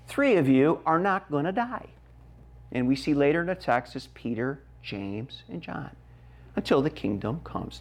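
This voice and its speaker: A man's voice: a little high, very animated, measured pace. A middle-aged man preaching a sermon as a pastor, reading scripture and explaining it emphatically, his voice rising and dropping sharply. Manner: emphatic preaching with wide swings in loudness.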